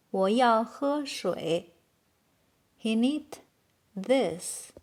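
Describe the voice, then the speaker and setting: A woman teaching a beginner language lesson, saying each example word slowly and deliberately for learners to repeat. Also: on the high side, animated, darkish tone. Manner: slow, deliberate modeling of words for learners. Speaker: Chinese teacher.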